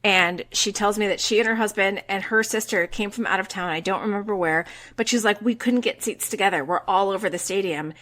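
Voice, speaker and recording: A middle-aged woman co-hosting a podcast, telling a personal story in casual chat with lively delivery and casual swearing. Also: medium pitch, fairly quick, hardly any pauses. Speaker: podcast co-host.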